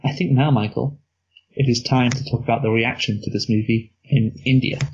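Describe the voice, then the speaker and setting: A man co-hosting a movie review podcast in casual chat, relaxed and rambling. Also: mid-range voice, normal speed, a little hiss or hum. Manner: relaxed, rambling, laughs at own slips. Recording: dull lo-fi recording.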